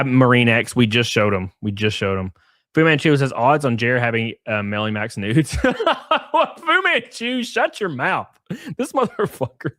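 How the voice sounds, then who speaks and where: A man's voice: lowish voice, fairly bright tone, no echo. Man riffing casually, dry close mic. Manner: rapid banter, chuckles, reads messages aloud. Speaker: livestream host reading viewer donations. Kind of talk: casual profane livestream chat.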